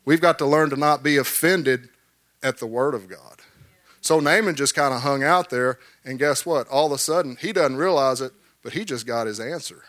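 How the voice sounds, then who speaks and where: A man preaching a sermon, animated, repeating words and calling for amens from the congregation. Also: mid-range voice, moderate pace, dry recording.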